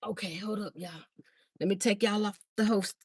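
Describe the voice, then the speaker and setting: A woman chatting fast on a phone livestream to her viewers, a bit out of breath as she walks from a car through a garage into a house. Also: medium pitch, fairly even intonation, darkish tone, husky, no echo. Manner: chatty, talks fast to viewers, calls them "y'all". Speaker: livestream host and vendor. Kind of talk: casual livestream chat to viewers. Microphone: phone held by hand.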